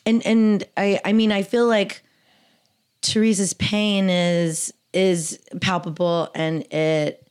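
A woman's voice: medium pitch, flat delivery, slow, a little mellow, smooth. A woman in a casual book discussion, thinking aloud with lots of fillers and restarts. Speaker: book club participant.

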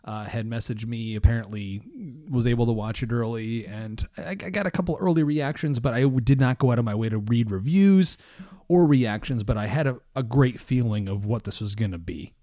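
A man's voice: medium pitch, fairly quick, warm tone, dry recording, clean studio sound. Blunt, foul-mouthed male film podcast host. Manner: swears freely, blunt, says "I mean" a lot. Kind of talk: casual chat about films.

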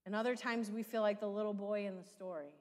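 A woman's voice: medium pitch, fairly even intonation, fast, darkish tone. A woman pastor with a Midwestern American accent, preaching a sermon in a conversational style full of rhetorical questions. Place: church sanctuary. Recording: long church reverb.

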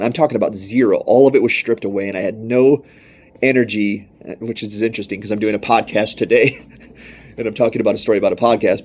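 A young man preaching a sermon, telling his own story in an earnest, emphatic way. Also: fairly low pitch.

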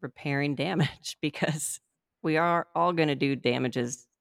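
A woman's voice: deep voice, unhurried, gravelly, no room sound, clean studio sound. A woman hosting a podcast, talking in a chatty way with light laughter. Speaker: podcast host. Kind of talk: casual podcast conversation.

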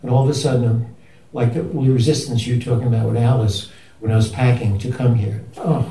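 A man asking a long, halting question at a retreat, often restarting and searching for his words. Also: medium pitch, fairly even intonation, mellow, echoey room, recorded from a distance, low-quality recording. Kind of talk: rambling spoken question.

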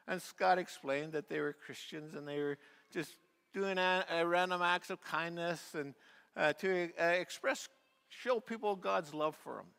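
A male pastor with a fairly high voice, preaching to his congregation in a church. He tells his story with plenty of fillers and restarts, then sinks to a soft hush at key moments. His voice rings out with a long reverb through the hall. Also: a little slow, gravelly, clear, resonant tone. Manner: drops to a soft, quiet voice at key points. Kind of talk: sermon. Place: church sanctuary.

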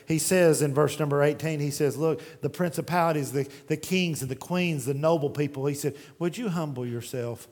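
A man preaching a sermon, swinging from shouted pleas to hushed intensity and reading scripture aloud in old-fashioned phrasing. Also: fairly high pitch, brisk, few pauses. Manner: reads scripture aloud in King James phrasing.

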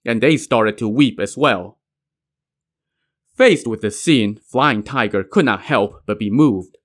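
A man's voice: fairly low pitch, takes it slowly. A man retelling a classic tale with wry, conversational asides. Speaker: storyteller.

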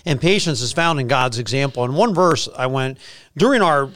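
A middle-aged man, a pastor hosting a casual faith podcast and telling stories in an energetic, chatty way. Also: mid-range voice, moderate pace.

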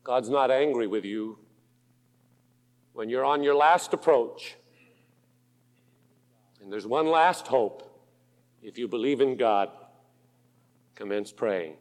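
A man preaching a sermon in an auditorium, slow and impassioned, dropping to a hush and rising to loud pleas. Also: medium pitch. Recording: long hall reverb.

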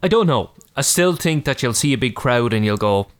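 An easygoing Irish man chatting with a friend. His pitch moves a lot, rising and falling as he talks, and he sounds expressive and relaxed. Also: a little fast. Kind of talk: casual chat.

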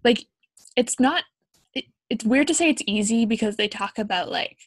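A woman's voice: a little high, normal speed, no room sound. A young woman from Canada co-hosting a casual chat, talking with many ums and likes. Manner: chatty, frequent ums and likes.

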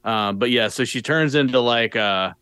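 A man's voice: medium pitch, normal speed, bright, forceful tone, smooth, no echo. A man co-hosting a podcast, chatting casually about a film, asking questions and joking. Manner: jokey, asks follow-up questions. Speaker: podcast co-host. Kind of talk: casual film review chat.

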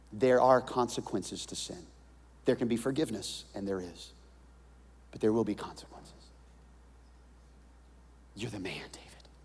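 A man preaching a sermon, retelling a story dramatically and swinging between hushed and loud delivery. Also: on the low side, long reverb tail.

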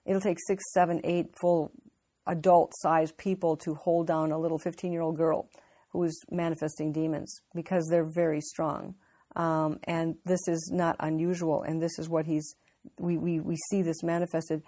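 A woman's voice: low voice, flat delivery, moderate pace, warm tone. A woman Bible teacher giving a conversational, unscripted sermon, earnest, with fillers and restarts.

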